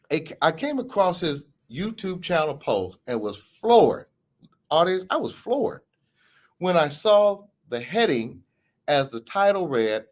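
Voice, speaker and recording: A man hosting a podcast and giving emphatic, theatrical political commentary. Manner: emphatic, theatrical delivery with big pitch swings. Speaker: podcast host.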